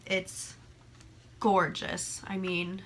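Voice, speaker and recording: A young woman with a hoarse voice from a cold, chatting casually and rambling as a beauty vlogger by a window. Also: fairly low pitch, completely flat delivery, very slow, slight background noise. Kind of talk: casual chat. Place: room by a window.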